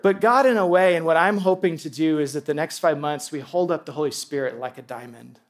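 A man preaching a sermon to a congregation, animated and excitable, dropping from loud bursts to hushed tones. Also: on the high side, brisk. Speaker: pastor.

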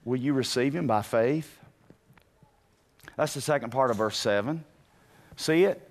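A man preaching a sermon in an animated way, asking the congregation questions and rising to shouts. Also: mid-range voice, measured pace. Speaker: pastor.

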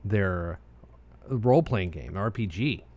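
American guy, kinda low voice, laid back, rambles with lots of asides. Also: slow. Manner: relaxed, meandering, many restarts and filler asides. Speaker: co-host. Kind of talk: casual chat.

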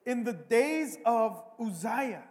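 A male pastor with a high voice delivers a sermon, dropping to near-hushed asides and then surging loud on key words, often repeating himself as he builds a point. His voice carries the long reverb of a large hall. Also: animated, takes it slowly. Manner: dynamic preaching, swings between hushed and loud, repeats words.

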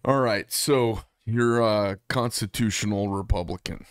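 A man hosting a casual political chat, agreeable and quick to finish his guest's points. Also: on the low side, no echo, clean studio sound. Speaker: podcast host.

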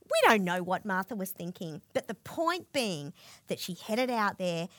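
A woman preaching a sermon, retelling a scripture story with expressive storytelling and asking listeners to picture the scene. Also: mid-range voice, measured pace, no echo.

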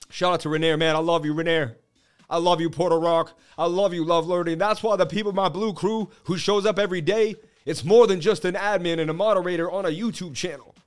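A man's voice: sits high, a little fast, soft background music. A man in young adulthood hosting a crypto livestream, delivering a fiery, preachy rant full of repeated slogans. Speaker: livestream crypto market host. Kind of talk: impassioned live rant.

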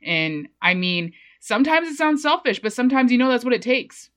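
A young woman hosts her podcast in an energetic, profane monologue. Her voice is bright and forceful, pushing hard as she hypes up the listener. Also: a little high, a little fast. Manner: blunt, profane and fired up. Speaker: podcast host.

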